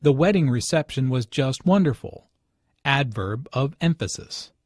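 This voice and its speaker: A man narrating English lesson notes in a measured, explanatory way. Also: mid-range voice, expressive, darkish tone, no room sound, studio quality.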